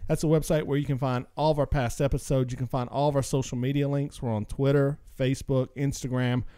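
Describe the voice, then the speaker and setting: Male podcast host, jokey pitchman delivery, mid-pitched, clean resonant voice. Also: level tone, fast, warm tone, clear, resonant tone, dry recording, studio quality. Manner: upbeat, joking salesman patter. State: slightly out of breath. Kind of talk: casual show plugs and announcements.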